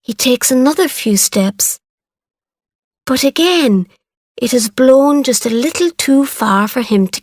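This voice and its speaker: A woman narrating a story for English learners, reading slowly and clearly. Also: high voice, no room sound, clean studio sound. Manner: slow, clear, careful reading.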